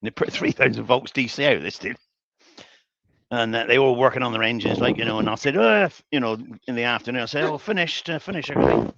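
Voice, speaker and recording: A man's voice: mid-range voice, fast, creaky, a bit bright, dry recording. An older man hosts a live woodturning stream, rambling through workshop anecdotes with chuckles and frequent restarts. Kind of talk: casual storytelling while working. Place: home workshop. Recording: dull lo-fi stream audio.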